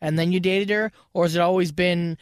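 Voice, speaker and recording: A man with a high, light voice banters casually, teasing and pushy, swearing freely. The recording is dry and close, with no room sound. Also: fairly even intonation, fairly quick, smooth, no room sound. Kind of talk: casual podcast chat.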